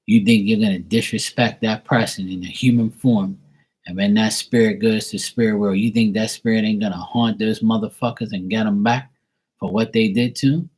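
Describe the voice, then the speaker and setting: A man with a low, husky voice gives a casual live-stream psychic reading. He talks bluntly and emphatically, swearing freely as he makes his points, with a slightly roughened edge to his tone. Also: fairly even intonation, normal speed, darkish tone, poor audio. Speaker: psychic tarot reader.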